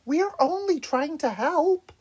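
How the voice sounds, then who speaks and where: A man's voice: expressive, a little slow. A man voicing a cheerful, caring teenage mutant turtle in an audiobook, chirpy and earnest. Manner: chirpy and earnest, high bright voice.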